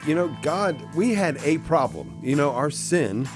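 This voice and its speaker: A man's voice: on the high side, wildly swooping pitch, a little slow, over music. Jovial male morning radio host. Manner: jovial, laughs along.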